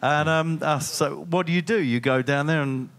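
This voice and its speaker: A man's voice: fairly high pitch, normal speed, fairly bright tone. A man in his sixties, a guest singer reminiscing in an interview with a rambling, self-deprecating manner.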